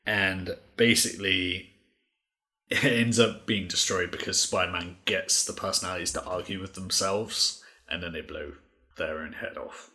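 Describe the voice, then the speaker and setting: A man's voice: low voice, fairly even intonation, measured pace, pushed and bright. A man co-hosting a podcast, recapping comics in rambling casual chat full of "like" fillers. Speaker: podcast co-host.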